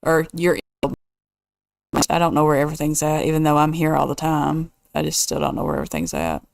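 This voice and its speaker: A woman's voice: low-pitched, a little fast, creaky, no room sound. A woman hosting a casual let's play, thinking aloud and weighing choices as she builds. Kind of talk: casual gameplay commentary.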